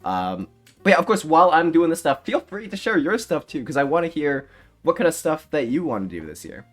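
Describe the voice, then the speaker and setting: A man's voice: a little high, big pitch swings, a little fast, a bit bright, faint music behind. A young man streaming live, chatting casually in a rambling, self-mocking way and laughing often. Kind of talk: casual livestream chat.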